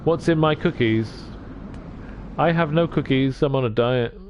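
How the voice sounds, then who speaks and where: A man's voice: mid-range voice, measured pace, highs cut off, slight background noise. A man live-streaming a game, chatting casually, reading dialogue aloud and laughing at himself. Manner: chatty, self-deprecating, reads dialogue aloud.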